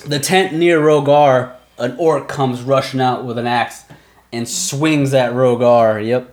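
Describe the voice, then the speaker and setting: A man narrating as game master of a tabletop role-playing game, with lively descriptions of the action. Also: mid-range voice, takes it slowly. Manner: lively, slips into shouted character voices.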